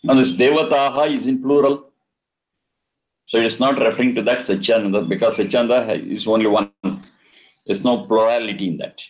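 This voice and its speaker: A man teaching a scripture lesson. He explains Sanskrit words slowly and deliberately, and he repeats and chants the terms. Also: medium pitch, steady tone, poor audio. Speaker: Vedic teacher.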